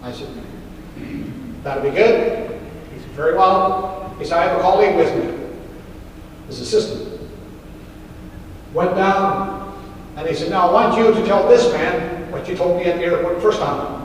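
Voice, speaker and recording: A man with a high voice preaches a storytelling sermon at normal speed, pausing often and animatedly playing the parts of the people in his tale. He's in a large hall or church, heard from far away in an echoey space with faint ambience and slight background noise.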